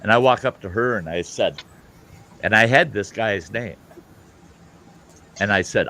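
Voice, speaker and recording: A man spins a story for friends on an online call, his voice rising and falling over a wide range. He swears freely and works himself up until he is nearly shouting. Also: fairly low pitch, unhurried, long pauses, a little hiss or hum. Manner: animated, profane, grows loud and heated. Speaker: host of an online hangout. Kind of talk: casual storytelling.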